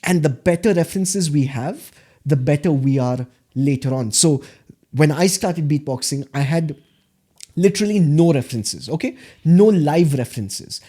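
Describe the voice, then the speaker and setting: Guy chatting as a guest, fairly high voice, mellow tone, lively storytelling. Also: moderate pace. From India. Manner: animated storytelling, acts out quoted voices. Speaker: guest, beatboxer and MC. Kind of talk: casual interview chat.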